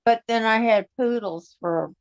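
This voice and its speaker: A woman from Texas with a Texas accent, chatting casually with her quilting group in an unhurried, easygoing way. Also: a little high. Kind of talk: casual chat. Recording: dull lo-fi stream audio with faint noise.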